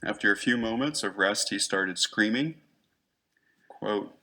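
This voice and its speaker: Gravelly man presenting a case study. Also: on the low side, pushed and bright. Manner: reads prepared case notes in an earnest, measured way. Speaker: conference presenter, therapist.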